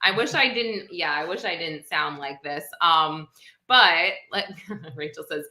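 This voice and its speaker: An American woman hosts a live stream, her low voice unhurried and sharp in tone. She chats in a rambling way packed with fillers, and the room sounds echoey.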